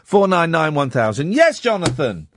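A man's voice: on the high side, big pitch swings, moderate pace, a little hiss or hum. A man hosting a radio phone-in, teasing and exasperated with callers in casual chat.

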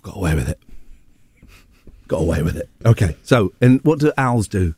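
Man, radio host, playful, jokey, rambling, lively pitch, dry sound. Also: normal speed, husky, no room sound. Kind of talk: casual on-air banter.

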